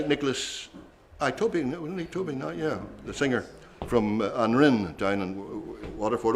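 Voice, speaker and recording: A man's voice: mid-range voice, a little hiss or hum. An older man, telling rambling stories between songs at a traditional singing session. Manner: chatty, rambling reminiscence with asides. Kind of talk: relaxed storytelling at a singing session.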